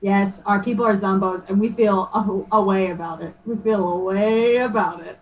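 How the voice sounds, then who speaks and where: A woman playing a tabletop game on a live stream, excitable, often repeating herself. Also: medium pitch, moderate pace, distant mic, muffled recording. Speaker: player.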